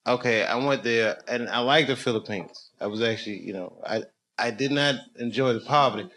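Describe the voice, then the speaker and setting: A man's voice: medium pitch, fairly quick, fairly bright tone. A man doing stand-up crowd work on a comedy club stage, telling loose stories with lots of laughter and swearing. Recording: live club recording with crowd noise.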